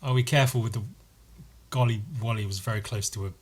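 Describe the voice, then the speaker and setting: A young British man chats through a solo podcast in a rambling, off-the-cuff way. He turns sarcastic and swears freely, and he jumps into high silly voices for his jokes. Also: steady tone, fast, husky. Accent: British English. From Britain. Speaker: podcast host. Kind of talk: casual solo podcast chat.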